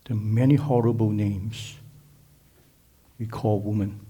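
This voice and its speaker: A man's voice: on the low side, steady tone, measured pace, mellow, husky. A man giving a sermon at a conference, preaching emphatically with repetition and rhetorical questions. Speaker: speaker at a conference.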